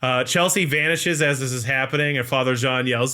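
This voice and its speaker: A man co-hosting a podcast, recapping a film in a rambling casual way, full of "like" and quick acted-out lines. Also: medium pitch, bright, forceful tone, smooth. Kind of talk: casual chat.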